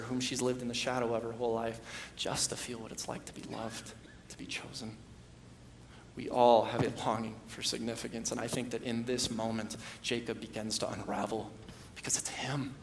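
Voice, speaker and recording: Impassioned pastor in an echoey hall. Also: male voice, mid-range voice, gravelly, a little hiss or hum. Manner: swings from hushed storytelling to loud impassioned emphasis. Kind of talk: sermon. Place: church sanctuary.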